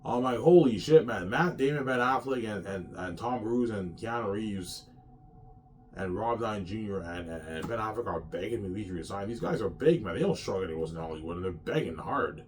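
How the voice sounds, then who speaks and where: Brash low-voiced man hosting a monologue. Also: a little fast, a little hiss or hum. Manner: brash, repetitive, ends phrases with "man". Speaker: show host. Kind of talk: casual boastful monologue.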